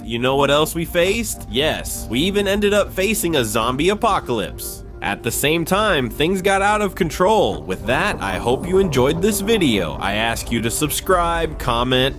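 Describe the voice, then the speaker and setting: Excitable man narrating a survival game. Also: mid-range voice, moderate pace, few pauses, soft background music. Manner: excitable, jumpy play-by-play. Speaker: gaming channel host. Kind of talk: Minecraft survival commentary.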